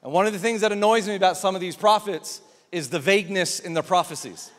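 Animated pastor in a big echoing hall. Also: male voice, high-pitched, fast. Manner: animated storytelling, emphatic repetition. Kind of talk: sermon. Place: large church auditorium. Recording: long reverb of a large church hall.

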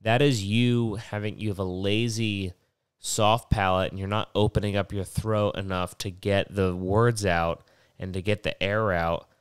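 Low smooth-voiced guy with a head cold, nasal, rambling and cursing, dry close sound. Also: steady tone, measured pace, dry recording. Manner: rambling, profane, digressive. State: sick with a stuffy, nasal voice. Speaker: podcast host. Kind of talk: rambling casual monologue.

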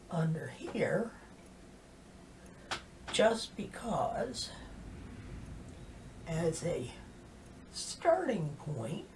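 Slow, soft-spoken woman in her 60s. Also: on the low side, gravelly. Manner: soft-spoken, drifting into half-whispers while working. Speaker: makeup vlogger. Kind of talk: casual makeup tutorial chat. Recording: distant mic with faint background hiss.

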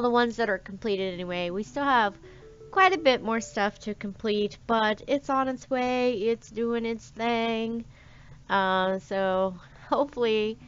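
A woman's voice: mid-range voice, smooth, muffled recording. A woman hosting a let's play, chatting casually and rambling with many fillers as she plays. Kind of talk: casual gameplay commentary.

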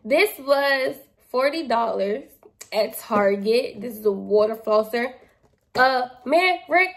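A woman's voice: a little high, expressive, takes it slowly, vocal fry, fairly bright tone. A young adult woman vlogger casually reviewing products in a playful, chatty, slangy way, laughing at herself. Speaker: beauty vlogger.

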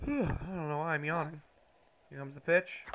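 In a fairly high voice at a moderate pace, a man delivers mock play-by-play commentary over a baseball video game. Every so often he erupts in sudden, loud bursts of excitement.

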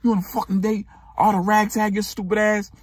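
A man's voice: high voice, little pitch movement, fairly quick, slightly rough, no room sound, studio quality, voice pushed up. A man voicing a furious, jealous young ex-boyfriend who curses and threatens. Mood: angry. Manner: shouting, cursing, threatening.

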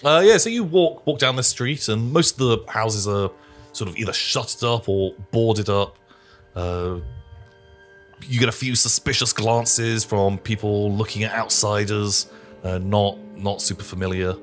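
A man narrating a tabletop game as game master in a relaxed, rambling way. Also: fairly low pitch, unhurried, soft background music.

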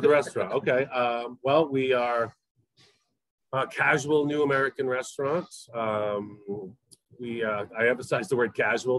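A man's voice: lowish voice, no room sound, poor audio. A middle-aged man from Massachusetts with a faint Southern accent, a chef chatting casually in an interview, rambling with lots of fillers and restarts.

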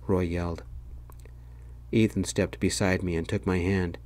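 A soft-spoken man narrating a story in whispered role-play, gentle and unhurried. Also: low-pitched, flat delivery.

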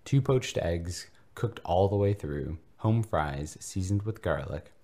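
A man's voice: deep voice, lively intonation, takes it slowly, dark tone, heavily acted. A man voicing a kindly, folksy school reverend who speaks ponderously. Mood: praying.

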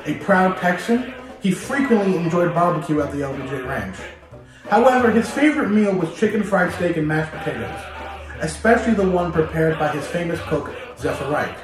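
A man hosting a history video, telling a story lively and speaking straight to the listener in a playful way. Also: a little high, moderate pace. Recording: very echoey room, distant mic, music behind.

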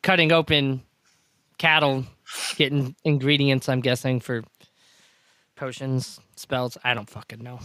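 A man's voice: medium pitch, level tone, unhurried, pauses often, bright, forceful tone, dry recording. A man co-hosting a podcast, laid-back and profane, often trailing off. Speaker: podcast co-host. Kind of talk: casual chat.

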